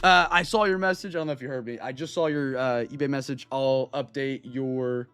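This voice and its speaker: A man's voice: mid-range voice, fairly even intonation, a little fast, fairly bright tone, smooth, soft background music. A young man hosting a live card break stream, chatting upbeat with viewers, greeting them by name and stretching out hype calls.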